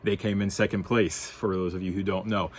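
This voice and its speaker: A man's voice: low-pitched, little pitch movement, brisk, a little hiss or hum. A man talks straight to his viewers in a casual vlog. His commentary is sarcastic and wry, swinging between joking asides and more serious points. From United States. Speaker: vlogger.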